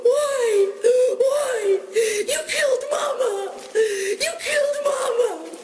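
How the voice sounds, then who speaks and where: A woman's voice: extremely high pitch, extremely slow, crowd noise, voice pushed up, heavily acted. A woman voicing a terrified orphaned baby elephant, sobbing and pleading for its mother. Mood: sobbing panic.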